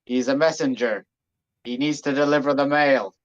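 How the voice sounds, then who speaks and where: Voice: mid-range voice, steady tone, moderate pace. A tabletop game player making dry, matter-of-fact remarks on a muffled, lo-fi microphone. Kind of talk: casual tabletop play. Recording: muffled lo-fi mic.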